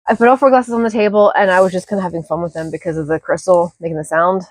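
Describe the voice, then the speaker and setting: A woman's voice: fairly low pitch, fairly even intonation, racing, no room sound. A woman casually rambling through a show-and-tell of her thrift finds at home, self-deprecating and restarting often. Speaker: thrift haul vlogger.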